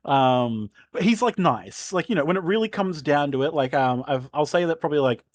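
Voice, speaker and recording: A man's voice: fairly high pitch, expressive, a little fast. A man narrating as game master in a casual, rambling way with many fillers.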